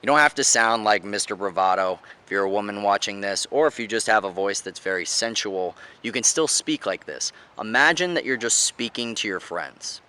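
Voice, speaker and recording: Bright-voiced male life coach. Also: lowish voice, animated, normal speed, hardly any pauses, clean tone. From United States. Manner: demonstrates voice tones with exaggerated examples. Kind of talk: motivational talk to camera.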